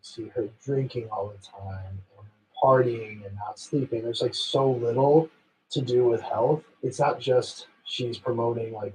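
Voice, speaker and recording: A man's voice: mid-range voice, a little mellow, a little hiss or hum, rough recording. A man in a podcast discussion making a firm, critical point.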